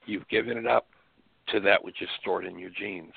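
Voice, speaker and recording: Gravelly-voiced man preaching over a phone line. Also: sits low, fairly even intonation, moderate pace, dry recording. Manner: earnest, preaching with rhetorical questions. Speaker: radio show host. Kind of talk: spiritual teaching talk. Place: bedroom at home. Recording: phone-line call audio, dry.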